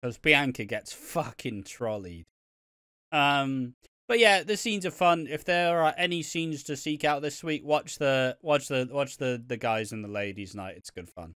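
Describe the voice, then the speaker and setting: A man's voice: medium pitch, lively intonation, measured pace, a bit bright, smooth, no echo, clean studio sound. A young man co-hosting a casual podcast, swearing often and laughing as he rambles about a soap. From Britain. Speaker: podcast co-host. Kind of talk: casual chat.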